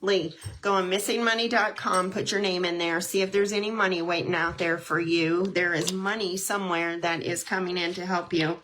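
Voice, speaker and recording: A woman's voice: lowish voice, steady tone, normal speed, hardly any pauses, fairly bright tone, a little hiss or hum. A woman hosting a casual live-stream tarot reading, chatty and heartfelt, with frequent ums and restarts. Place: at home.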